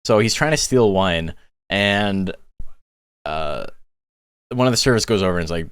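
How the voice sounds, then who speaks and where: A man hosting a live stream, giving casual commentary on monster battles in a relaxed, chatty way and laughing as he tells stories. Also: sits low, moderate pace, clear, resonant tone, no echo, clean studio sound.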